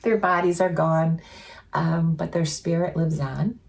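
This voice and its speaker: Earnest woman with a gravelly voice. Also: sits low, steady tone, unhurried. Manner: earnest, chatty, with many fillers and softly voiced quotes. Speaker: co-host sharing spiritual experiences. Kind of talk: casual storytelling chat.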